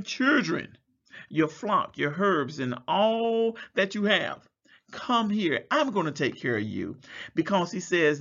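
A man with a fairly high, husky voice preaches a Bible study. His pitch swings widely as he reads scripture and drives home each point. The recording is dull and lo-fi, with faint music underneath. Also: sharp tone. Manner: reads scripture aloud and explains it, stretching words for emphasis.

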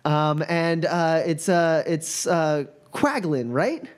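A man's voice: on the high side, slow, clear, resonant tone, pitched above the performer's own voice. A man doing a stammering young satyr woman. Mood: nervous eager. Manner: stammering, eager.

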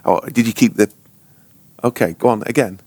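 A man's voice: medium pitch, normal speed, darkish tone, dry recording. A man teaching a Bible class informally, rambling and joking, often breaking off mid-sentence. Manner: rambling, self-interrupting, joking. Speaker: ministry school teacher.

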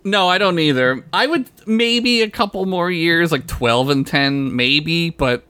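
A man's voice: on the high side, animated, unhurried, bright, forceful tone, clean tone, no room sound. A man co-hosting a casual podcast, laid-back and jokey, full of "like" fillers and the odd swear word. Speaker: podcast co-host. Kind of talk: casual chat.

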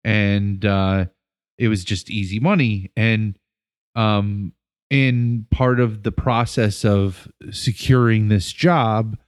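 A man's voice: on the low side, steady tone, slow pace. A man telling a story on a casual podcast, rambling with many fillers and restarts; an educator. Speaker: podcast co-host.

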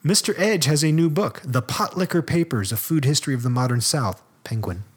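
A man's voice: fairly high pitch, lively intonation, a little fast, breathy edge. Laid-back male podcast co-host. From American South. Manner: reads aloud with asides and laughs. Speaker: podcast co-host reading a profile aloud. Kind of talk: casual podcast banter.

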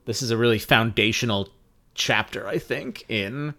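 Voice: mid-range voice, normal speed, bright, forceful tone. Agreeable podcast cohost in casual chat.

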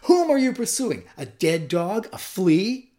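A man voicing a young warrior leader who pleads loudly and passionately with a king. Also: high-pitched, very animated, measured pace, pitched above the performer's own voice. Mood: impassioned. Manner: loud, impassioned, declaiming.

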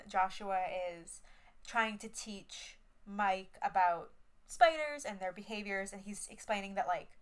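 Young woman co-host, casual chat, animated, swears a lot, mid pitch. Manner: animated, swears freely, fills with "like". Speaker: podcast co-host.

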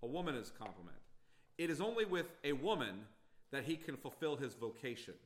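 A pastor preaching an expository sermon, emphatic and repeating phrases for stress. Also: male voice, medium pitch, sing-song, a little fast. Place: church sanctuary.

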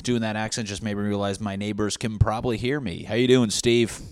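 A man's voice: fairly low pitch, level tone, brisk, darkish tone, no room sound. A young man hosting his own podcast from an apartment, talking in a loose, crude, joking ramble that pokes fun at himself. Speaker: podcast host. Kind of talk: casual solo podcast monologue.

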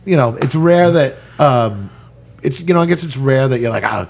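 A man's voice: mid-range voice, lively intonation, normal speed, a little mellow. Laid-back swearing venue owner, a man. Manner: profane, laid-back, many affirming "yeah"s. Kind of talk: casual chat.

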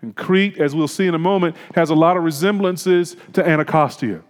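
A man's voice: a little high, brisk. Man preaching in an echoing hall. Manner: storytelling, conversational, reflective. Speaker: pastor. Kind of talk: sermon.

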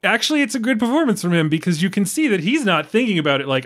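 A man's voice: high-pitched, big pitch swings, racing, a bit bright. An American man co-hosting a film podcast, talking casually and animatedly, swearing freely and acting out characters' lines. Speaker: podcast co-host.

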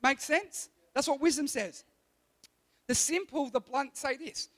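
A man preaching a youth sermon, energetic and conversational, acting out the voices of the people in his examples. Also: extremely high pitch, unhurried. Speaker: youth pastor.

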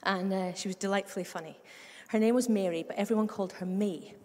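A woman's voice: mid-range voice, fast talker, a little mellow. A middle-aged woman with a Scottish accent, a pastor giving a conversational sermon full of humorous stories and asides. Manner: chatty storyteller with humorous asides. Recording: long reverb of a large room.

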